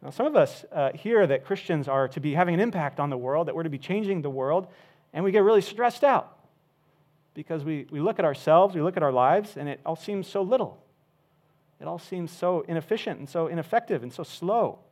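A man's voice: fairly high pitch, animated, fairly quick, darkish tone. A man preaching a sermon, earnest and emphatic, with frequent "uh" fillers. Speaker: pastor.

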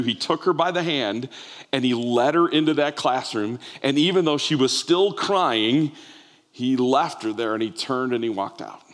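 Older pastor preaching in a reverberant church. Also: male voice, medium pitch. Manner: storytelling, with frequent restarts and ums. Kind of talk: sermon. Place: large church sanctuary. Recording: long reverb of a church hall.

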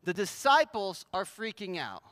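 A man preaching with a high, bright voice, speaking close to a dry microphone. He keeps a casual, conversational tone but presses hard on his main points. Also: sing-song, measured pace, no echo. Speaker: pastor. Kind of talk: sermon.

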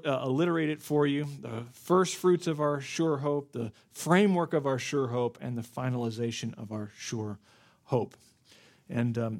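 A man's voice: mid-range voice, a little mellow. A man preaching an expository sermon as pastor of a church, earnest and explanatory, with frequent fillers and restarts.

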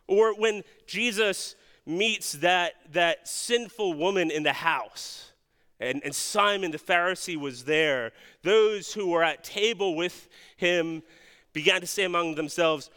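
A man's voice: high-pitched, a little slow, pushed and bright, clear, resonant tone. A man preaching a sermon as pastor, earnest and questioning, often restarting his words. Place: church sanctuary. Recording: long hall reverb.

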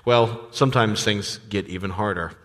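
Male pastor, conversational sermon delivery with fillers, lowish voice, long hall reverb. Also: moderate pace, fairly bright tone. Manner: conversational, with frequent fillers and restarts. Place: church sanctuary.

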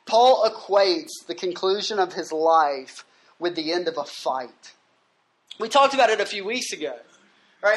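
Emphatic preacher checking in with "right?". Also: mid-range voice. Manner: reads scripture aloud and then explains it. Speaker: pastor. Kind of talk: sermon. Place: gathering on a university campus.

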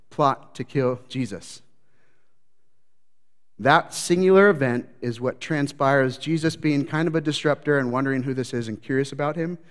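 A man preaching a sermon as pastor, swinging between loud, lively retellings and low, quiet reflection. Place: church sanctuary. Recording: long church reverb.

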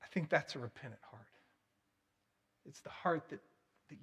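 A preacher gives an earnest, animated sermon, his voice a bit high for a man with a breathy edge. He pushes key words out loudly, then sinks into a quiet, hushed appeal, all at a normal speed.

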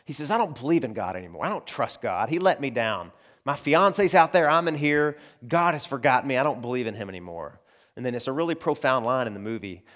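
A man's voice: medium pitch, fairly bright tone. A man preaching a sermon in a conversational way, talking straight to his congregation and acting out quoted voices. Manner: conversational preaching, asides to the congregation, frequent restarts; acts out quoted voices in prayer and dialogue. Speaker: pastor.

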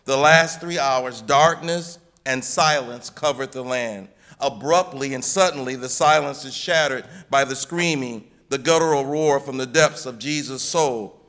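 A man delivers a Good Friday sermon in a measured, emphatic manner. His voice sits at a middle pitch. He lifts it when he repeats the cries from the cross. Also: a bit bright. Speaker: preacher.

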